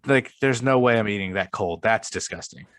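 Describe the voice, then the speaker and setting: A young man with a somewhat low voice talks in a casual podcast conversation. He is blunt and argumentative and swears freely. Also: normal speed, fairly bright tone. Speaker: podcast co-host. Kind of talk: casual chat.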